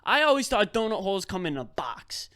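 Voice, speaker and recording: A man's voice: high voice, very animated, a little fast, pushed and bright, dry recording. A young man hosting a podcast, telling a rambling, exasperated story in casual slang. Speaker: podcast host. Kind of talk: casual comedic rant.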